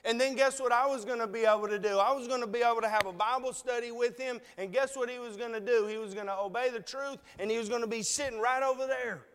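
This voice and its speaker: Earnest preacher, a man with a very high voice, chatty, long hall echo. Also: fairly even intonation, quick pace, hardly any pauses, a bit bright, clear, resonant tone. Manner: earnest, conversational, repeated rhetorical questions. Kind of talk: sermon. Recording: long reverb of a large hall.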